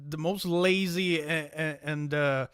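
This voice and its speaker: A man's voice: a little high, fairly even intonation, takes it slowly, a bit bright, clear, resonant tone, no room sound, clean studio sound. A man guesting on a live stream, speaking hesitantly and restarting his sentences. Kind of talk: casual live-stream chat.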